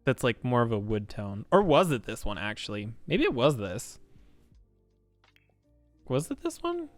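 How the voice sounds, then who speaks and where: A man's voice: medium pitch, wildly swooping pitch, unhurried, no room sound, soft background music. A man streaming a life-sim game, rambling and thinking aloud with lots of fillers, his voice a little worn from talking long. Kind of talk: casual gameplay commentary.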